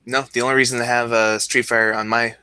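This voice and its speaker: A man co-hosting a casual podcast, relaxed, giving quick verdicts on games. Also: mid-range voice, smooth, dry recording. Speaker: podcast co-host. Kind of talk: casual chat.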